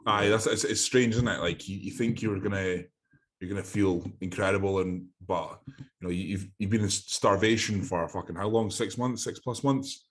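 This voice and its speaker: A young Scottish man with a fairly low voice talks casually as a podcast co-host and coach. He swears freely and says aye often. He acts out his talks with clients. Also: normal speed. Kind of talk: casual chat.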